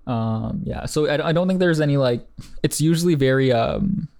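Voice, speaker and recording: A man's voice: fairly high pitch, moderate pace, gravelly, darkish tone. A man hosting a casual book podcast, reading passages aloud and then talking them over in a thoughtful, hesitant way with many fillers.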